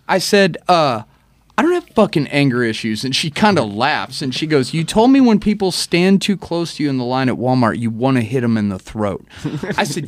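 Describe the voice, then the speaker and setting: A man, an army veteran and guest on a podcast, telling stories in a casual chat with animated, profane delivery. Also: fairly high pitch, normal speed, dry recording.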